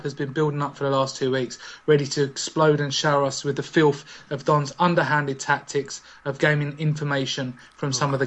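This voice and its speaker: A man hosts a casual podcast in a fairly high voice. He teases his co-host and drifts into jokes, often breaking into laughter. The banter stays loose and unscripted. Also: fairly bright tone. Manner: teasing, jokey, laughs often.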